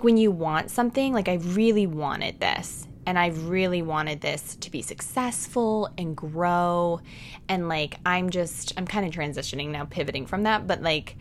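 A woman's voice: on the low side, slight background noise. A young woman co-hosting a podcast, talking casually with lots of fillers and laughs. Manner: rambling, filler-heavy, laughs often. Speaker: podcast co-host. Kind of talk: casual chat.

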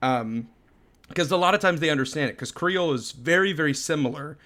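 A man co-hosting a podcast, telling stories in an animated, casual chat and laughing often. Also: fairly high pitch, a little fast. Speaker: podcast co-host.

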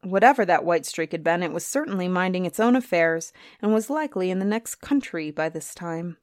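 Low-voiced woman reading a storybook. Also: lively intonation, brisk, dry recording, clean studio sound.

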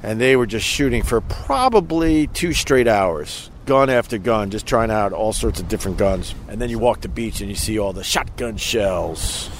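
A man's voice: lowish voice, animated, moderate pace, few pauses. A middle-aged man hosting a casual livestream outdoors on a beach at sunset, rambling and chuckling as he reads viewer comments. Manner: rambling, chuckling, loose and profane. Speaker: livestream host. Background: wind and faint outdoor noise.

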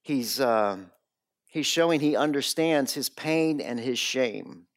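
A man's voice: mid-range voice, slow pace. A man preaching an expository sermon. He is emphatic, repeats his phrases for weight and keeps asking the listeners rhetorical questions.

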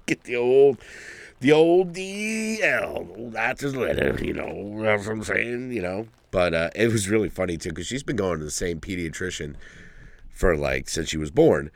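A man's voice: sits low, animated, normal speed, creaky, dry recording. A middle-aged man hosting a podcast in casual banter, rambling, swearing freely and laughing often. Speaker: podcast host.

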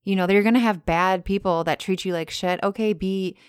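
A woman's voice: mid-range voice, steady tone, fairly quick, clean tone, dry recording, studio quality. A woman co-hosting a podcast in casual chat. She talks frankly and laughs easily. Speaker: podcast co-host.

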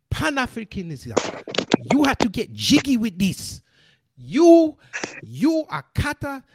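A man putting on a comic impression of a pleading foreign male broadcaster, with an exaggerated, drawn-out, pleading delivery. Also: extremely high pitch, vocal fry, husky, dry recording, voice pushed up, full character voice.

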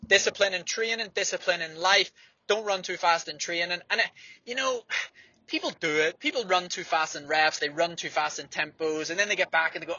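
Blunt, sharp-voiced man. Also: sits high, brisk, no echo, highs cut off. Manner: blunt, swearing, fired-up. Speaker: distance runner giving training advice. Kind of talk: motivational monologue.

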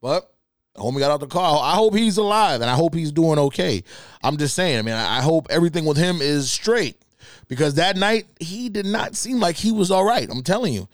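A man hosting a podcast alone, telling stories in casual, profane, animated talk with laughs. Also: on the high side, a little fast, no room sound, studio quality. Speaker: podcast host. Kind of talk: casual solo storytelling.

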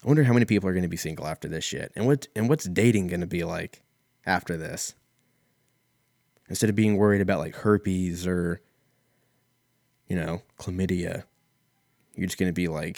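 Low-voiced man ranting casually. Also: normal speed, darkish tone, dry recording, studio quality. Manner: rambling, profane, wry. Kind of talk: casual solo comedic rant.

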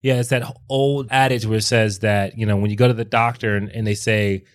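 A man's voice: on the low side, steady tone, a little fast. A man co-hosting a podcast, giving advice in casual chat and explaining his ideas with rhetorical questions. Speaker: podcast co-host.

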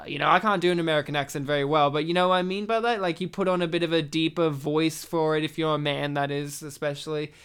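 An Australian man hosts a casual podcast, talking in an animated way with plenty of laughing and swearing. His voice comes through smooth and clear. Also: on the high side, a little fast. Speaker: podcast host.

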